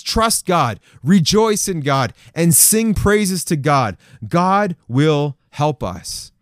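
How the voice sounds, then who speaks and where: A man's voice: high-pitched, no echo, studio quality. A man preaching on a podcast to other men, reading scripture and repeating its promises with fervent, building emphasis. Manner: fervent, repetitive, rising emphasis on quoted promises.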